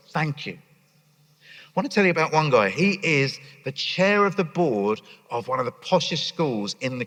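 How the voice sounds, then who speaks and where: Animated man giving a keynote. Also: medium pitch. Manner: animated storyteller who acts out voices. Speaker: charity leader giving a conference talk. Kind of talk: keynote talk. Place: conference stage. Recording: echoey hall.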